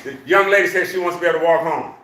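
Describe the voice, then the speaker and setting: A man leading a live exercise class for seniors, counting reps loudly, joking and coaxing the class along. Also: fairly high pitch, rapid-fire, a crowd in the background. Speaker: senior fitness instructor. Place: exercise room. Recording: echoey room.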